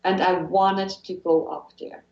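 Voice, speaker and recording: A Swiss-accented woman with a fairly low voice speaks as a guest in an interview, earnest and encouraging. She often restarts her sentences and repeats phrases. The recording is dull and lo-fi with a roomy echo. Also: little pitch movement, unhurried, a little mellow. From Switzerland. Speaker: guest, hypnotherapist. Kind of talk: motivational interview talk.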